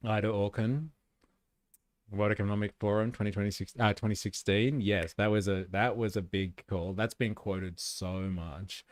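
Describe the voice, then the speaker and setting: A man's voice: fairly low pitch, steady tone, moderate pace. A man giving sarcastic, profane, opinionated commentary on a casual livestream. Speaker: streamer and commentator.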